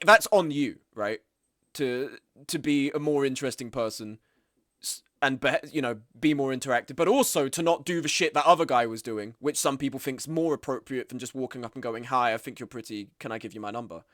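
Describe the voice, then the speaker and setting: A man, streaming and chatting casually, animated and blunt, with frequent swearing and mimicking of others. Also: dry recording, studio quality. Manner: animated, swearing, acts out quoted people in higher voices. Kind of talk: casual live-stream commentary.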